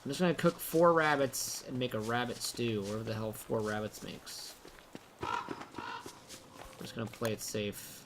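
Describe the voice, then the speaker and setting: A young man commenting live on his own gameplay, excitable, rambling and poking fun at himself. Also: medium pitch, normal speed, pauses often, noisy background. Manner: excitable, rambling, self-mocking. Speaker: game streamer.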